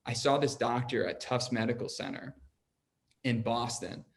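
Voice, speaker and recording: A young adult man with a gravelly, medium-pitched voice hosts a podcast, talking at normal speed. He tells his own story in a casual, rambling, earnest way, using "like" a lot.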